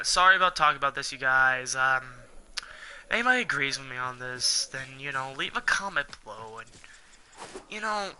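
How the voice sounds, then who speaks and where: A man's voice: fairly high pitch, bright, forceful tone, slight background noise. A young man ranting heatedly to his viewers, swearing a lot and rambling as he vents. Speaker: gaming channel host. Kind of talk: angry ranting monologue.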